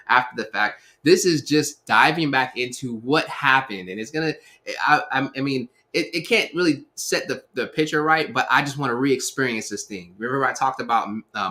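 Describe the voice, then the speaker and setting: A man hosting a casual live stream, energetic and upbeat, talking with repeated phrases and lots of fillers. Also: lowish voice. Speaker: livestream host.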